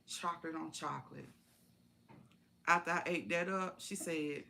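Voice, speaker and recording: A woman's voice: low voice, steady tone, a little slow, vocal fry, sharp tone, slight background noise. A woman telling a personal story in a casual, folksy way on a live stream, repeating phrases for emphasis.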